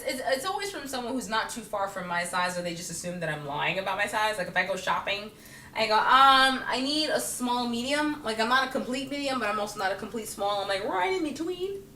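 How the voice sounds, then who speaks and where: A bright-voiced young woman talks to camera, telling funny stories and slipping into the voices of the people in them. She is picked up from a little way off in a room with plenty of echo. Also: medium pitch, fairly quick, slight background noise. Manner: animated, acts out other people's voices, laughs often. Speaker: vlogger. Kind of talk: casual comedic storytelling to camera. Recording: echoey room, mic at a distance.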